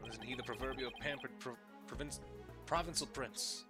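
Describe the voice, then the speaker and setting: An earnest young lawyer who flusters easily, read aloud by a man in his own voice. His pitch sits in the middle. Loud game music plays behind him. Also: normal speed, close to an everyday voice. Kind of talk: reading game dialogue aloud.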